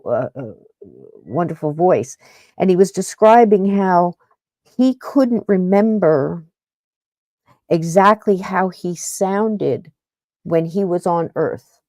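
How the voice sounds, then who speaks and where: A woman's voice: low-pitched, darkish tone, dry recording. A middle-aged woman hosting a paranormal podcast, talking in a rambling, chatty way that often breaks off and restarts. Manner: rambling, chatty, self-interrupting. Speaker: podcast host. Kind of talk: casual paranormal podcast talk.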